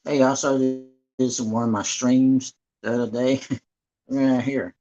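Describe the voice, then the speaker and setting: A man chatting slowly in a rambling way to live-stream viewers, often clearing his throat. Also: medium pitch, fairly even intonation, dark tone. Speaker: livestreamer painting for viewers. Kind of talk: casual live-stream chat. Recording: dull lo-fi stream audio.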